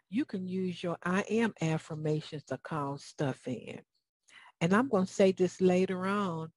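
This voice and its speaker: A woman with a Southern US accent gives a folksy, preacherly motivational talk, often putting questions to her audience. Her voice is on the low side and darkish, at a measured pace, in a dry recording.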